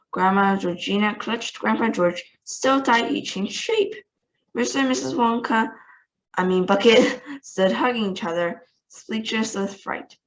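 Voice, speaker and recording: A woman's voice: medium pitch, dull audio, a little hiss or hum. Woman reading a children's story. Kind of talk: reading a children's book aloud.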